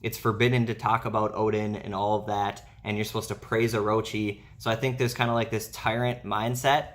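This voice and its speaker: A man's voice: on the low side, level tone, a little fast. A man giving a casual video commentary as a manga review YouTuber, chatting to his viewers with frequent fillers.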